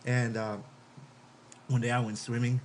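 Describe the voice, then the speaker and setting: A man co-hosting a podcast in casual chat, telling a rambling story full of fillers and pauses. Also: mid-range voice, flat delivery, a little hiss or hum. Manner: rambling, hesitant, many fillers. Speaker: podcast co-host.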